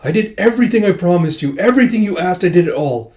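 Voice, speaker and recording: Desperate pleading woman, a man voicing her up high; loud and strained, roomy. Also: animated, quick pace. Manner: begging, pleading.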